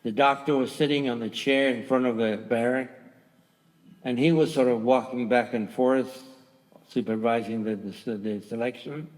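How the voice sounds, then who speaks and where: An elderly man in his nineties gives spoken testimony from a theatre stage. His mid-pitched voice is halting, with restarts, and grows louder when he quotes others. A long reverb from the hall trails behind each phrase. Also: steady tone. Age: 90s. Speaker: Holocaust survivor giving testimony. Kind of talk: personal testimony to a large audience.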